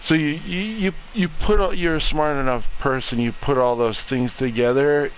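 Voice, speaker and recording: A young adult man streaming a game, rambling through a profane, deadpan conspiracy rant. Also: fairly high pitch, normal speed, a little hiss or hum, poor audio. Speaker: gaming streamer. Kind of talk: casual chat while streaming a game.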